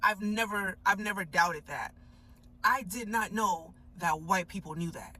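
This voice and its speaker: A woman's voice: medium pitch, unhurried, bright, forceful tone, rough recording. A woman telling a story casually from inside a parked car, emphatic and swearing freely. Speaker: storyteller recounting an encounter.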